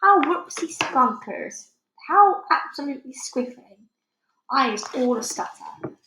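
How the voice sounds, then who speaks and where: A woman doing a kind, excitable big giant. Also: sits high, unhurried, roomy sound, a little hiss or hum, pitched above the performer's own voice, exaggerated voice, poor audio. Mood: delighted. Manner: raised, excitable, stammers when scared. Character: big gentle male giant, kind and proud, mangles words.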